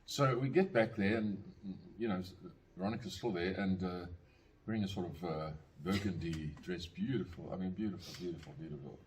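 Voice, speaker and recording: A man's voice: low-pitched, fairly quick, slight background noise. An older man telling a casual, rambling anecdote, full of fillers, restarts and chuckles. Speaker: storyteller.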